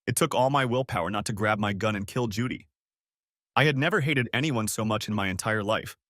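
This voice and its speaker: A man narrating a first-person story as a scripted audiobook reading, in a measured, steady manner. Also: lowish voice, dry recording, clean studio sound.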